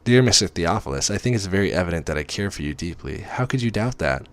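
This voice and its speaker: A man's voice: sits low, expressive, fast. A man reading as a flustered teasing young woman.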